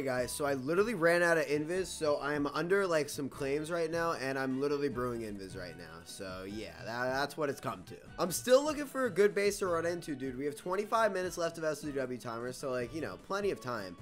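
Bright young guy yelling over his game, keeps begging and swearing, light music in the back. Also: medium pitch, a little fast, few pauses. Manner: excitable, swears, repeats pleading words. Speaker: gaming YouTuber. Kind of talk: live gameplay commentary.

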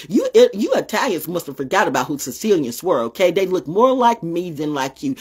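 An older woman with a low, husky voice that swings widely up and down. She hosts her own show and delivers a fiery, profane, confrontational rant. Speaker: show host. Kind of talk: ranting monologue.

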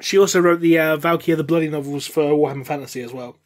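A man's voice: fairly high pitch, steady tone. A man co-hosting a podcast, trading jokes and banter in casual chat. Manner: jokey, quick banter. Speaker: podcast co-host.

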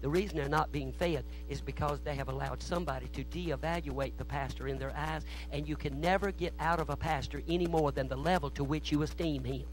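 A man preaching a sermon in a church, telling stories that swing from hushed asides to loud shouting. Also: a little high, steady tone, a little fast, hardly any pauses, faint music behind, low-quality recording. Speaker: guest preacher. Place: church sanctuary.

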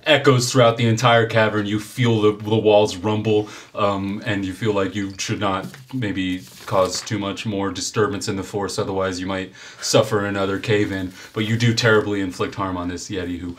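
A man running a tabletop game as game master, narrating the scene with lively energy and frequent fillers. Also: lowish voice, moderate pace. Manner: energetic, descriptive, many fillers.

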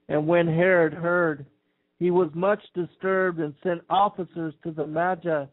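A man reading an old scripture text aloud in a slow, measured, solemn way. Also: fairly high pitch, little pitch movement. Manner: slow, measured, archaic phrasing. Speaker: scripture reader. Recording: tinny phone-like sound.

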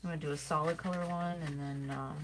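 A middle-aged woman talks viewers through a craft project in a relaxed, chatty way, yawning now and then. Her voice sits on the low side, and a steady noise runs under the recording. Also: fast talker. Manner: chatty and relaxed, with frequent yawns. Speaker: crafting livestream host. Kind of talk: casual livestream craft demo, chatting with viewers.

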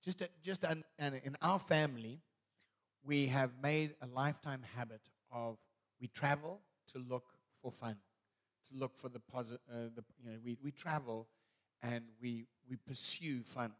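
A man's voice: medium pitch, steady tone, moderate pace. Man adding context in a church talk. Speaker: pastor and father.

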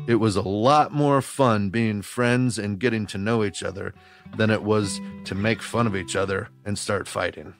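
Low-voiced man telling kids a story. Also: steady tone, moderate pace, soft background music. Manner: earnest and gently encouraging, talks straight to kids. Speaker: camp counselor. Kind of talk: storytelling to children.

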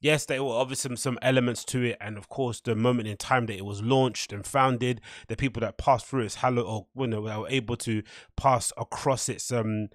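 A man's voice: medium pitch, fairly even intonation, fairly quick, no room sound, studio quality. A man hosting his own podcast, rambling casually through his week with lots of fillers. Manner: rambling, loose, filler-heavy. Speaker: podcast host.

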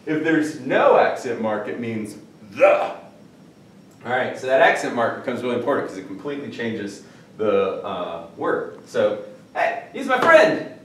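Male teacher, animated, joking, heard from a distance in a roomy classroom. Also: medium pitch, a little hiss or hum. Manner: lively, jokey, stretches out Spanish words slowly. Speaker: Spanish teacher. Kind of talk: classroom vocabulary lesson. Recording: echoey room, mic at a distance.

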